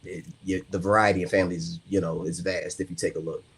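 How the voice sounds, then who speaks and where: An American man appearing as a podcast guest, talking earnestly and a little haltingly. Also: low-pitched, flat delivery, slightly rough. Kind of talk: casual podcast chat.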